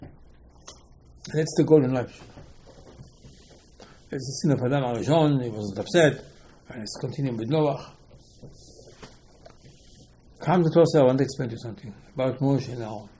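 A man's voice: mid-range voice, moderate pace, pauses often, mellow, slight background noise, poor audio. Man giving a rambling religious talk. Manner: rambling, repeats words, asks and answers himself; non-native English grammar. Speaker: religious teacher. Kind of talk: informal religious lecture.

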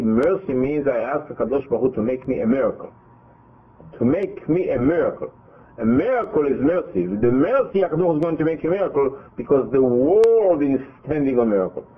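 A man giving a religious lesson, halting and repeating words as he acts out dialogue. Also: medium pitch. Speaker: rabbi teaching a class. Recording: husky voice over a phone-like line.

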